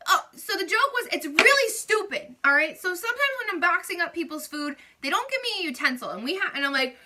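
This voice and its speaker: Young woman, vlog rant; high, very bright tone, chatty and animated. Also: fast talker. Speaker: beauty vlogger. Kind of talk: casual venting vlog.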